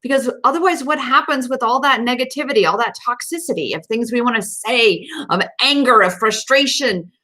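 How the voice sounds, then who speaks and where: Bright-voiced woman coaching on a live stream. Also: fairly high pitch, a little fast, few pauses. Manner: earnest, emphatic, with fillers and repetitions. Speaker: self-empowerment coach hosting a live stream. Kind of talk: casual live-stream talk.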